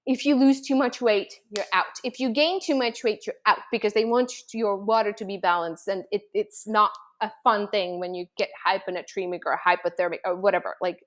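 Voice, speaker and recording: A woman vlogger telling a personal story in a casual, animated way, with many fillers, acting out her own thoughts. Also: mid-range voice, brisk, few pauses.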